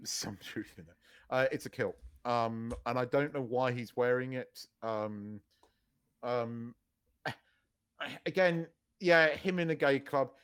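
A man's voice: medium pitch, slow, a bit bright, smooth. A man co-hosting a podcast in casual chat, ranting hard, swearing and repeating himself. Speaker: podcast co-host.

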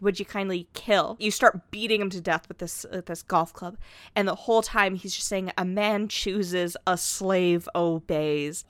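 A woman in her thirties in a casual chat, telling an animated story and acting out quotes with laughs. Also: medium pitch, clean tone, no room sound, clean studio sound.

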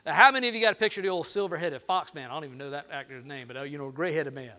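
Bright-voiced older preacher. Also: male voice, on the high side, rapid-fire. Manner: playful, teasing, talks straight to the crowd. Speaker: pastor. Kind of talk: sermon.

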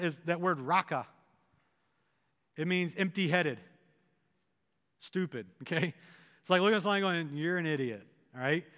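A male pastor delivers a sermon, animated and slipping into the imagined voices of his listeners. His voice sits high for a man. The sound carries a long reverb, as from a large hall. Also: clean tone.

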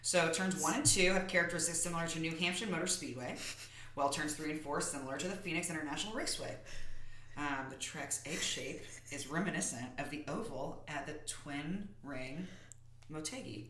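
A woman's voice: sits low, fast talker, a bit bright. A woman in her thirties from the United States, co-hosting a podcast in casual chat, telling stories and laughing often. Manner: chatty, laughs often, storytelling. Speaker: podcast co-host. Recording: echoey room with faint noise.

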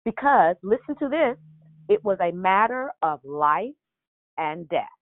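A woman leading a prayer call, telling an animated story and acting out her own cries for help. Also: mid-range voice, a little slow, dry recording. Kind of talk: testimony and preaching on a call. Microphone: phone. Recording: phone line.

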